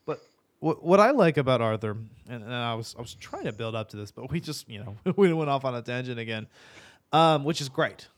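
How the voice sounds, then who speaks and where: A man's voice: mid-range voice, animated, brisk. A man hosting a casual gaming podcast. He rambles, restarts his sentences and laughs often.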